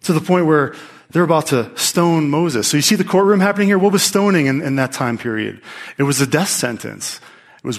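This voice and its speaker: A man preaching a sermon to a live congregation, speaking in an animated, emphatic way with frequent restarts. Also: on the high side, fairly quick, creaky. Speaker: pastor teaching.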